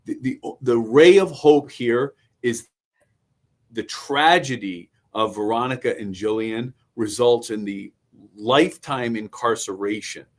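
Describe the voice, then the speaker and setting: Male co-host, ex-prosecutor, calm measured legal commentary, mid-range voice. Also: mid-range voice.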